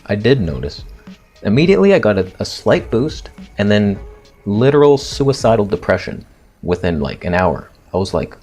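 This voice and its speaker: A man's voice: on the low side, darkish tone, slightly rough. A man in his thirties telling a personal story in a blunt, dramatic and self-mocking way, acting out his own reactions. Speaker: fitness influencer telling a story.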